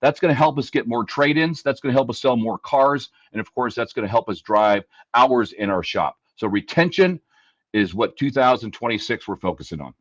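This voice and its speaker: A man's voice: medium pitch, expressive, moderate pace, dry recording, dull audio. A man on a panel discussion, a dealership service leader explaining his goals with emphatic repetition. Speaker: dealership fixed ops leader.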